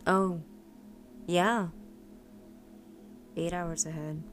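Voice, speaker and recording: Animated, cursing young woman podcast host. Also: on the low side, drawn-out words, soft background music. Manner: animated storytelling, swears freely, laughs often. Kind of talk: casual chat.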